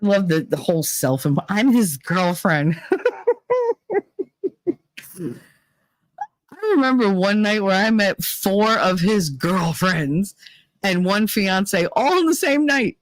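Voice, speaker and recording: A woman's voice: medium pitch, lively intonation, unhurried, no echo. A middle-aged woman hosting a casual chat stream, telling candid, profane stories and acting out the people in them. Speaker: livestream host.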